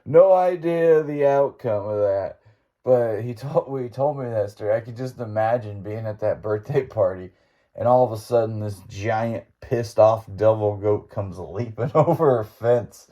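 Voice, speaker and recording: A man's voice: lowish voice, moderate pace, dark tone, muffled recording. A man hosting a podcast, telling a story in an impromptu monologue, rambling along and laughing as he goes. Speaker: podcast host.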